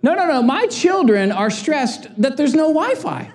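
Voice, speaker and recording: A middle-aged male pastor delivers a sermon through an animated personal story. He acts out each quote and laughs at himself as he goes, moving from light humor to earnest urging. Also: very high voice, measured pace, few pauses, a faint crowd, a little hiss or hum.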